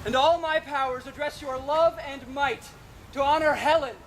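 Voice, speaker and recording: A woman's voice: high-pitched, fairly even intonation, normal speed, close to an everyday voice. A woman playing an ardent, fickle young man in love in a stage play, speaking in earnest, impassioned verse. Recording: outdoor recording with clear noise.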